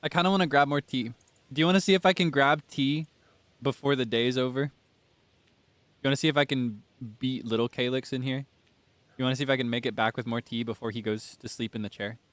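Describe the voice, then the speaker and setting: A man's voice: mid-range voice, fairly even intonation, quick pace, no room sound. Chatty male game streamer. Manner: chatty, talks straight to viewers. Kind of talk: casual gameplay stream chat.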